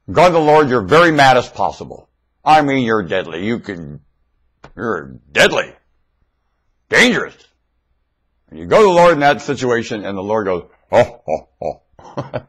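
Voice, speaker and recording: A man talking into a webcam in a rambling, blunt monologue, swinging between loud emphatic outbursts and low mutters. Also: breathy edge. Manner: blunt, confrontational. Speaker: webcam video maker. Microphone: webcam microphone.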